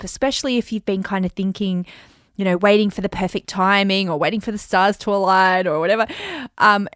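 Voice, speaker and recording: A woman hosts a casual motivational podcast in a lively, chatty manner. She slows down to repeat affirmations with emphasis. Her voice sounds dry and close to the mic, with no room echo. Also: medium pitch. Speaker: podcast host.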